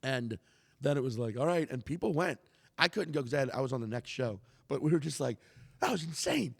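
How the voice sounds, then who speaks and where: A male comedian, a guest on a podcast, telling a rambling, profane, animated anecdote in casual chat. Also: medium pitch, a little fast, vocal fry, dry recording, clean studio sound, long reverb tail.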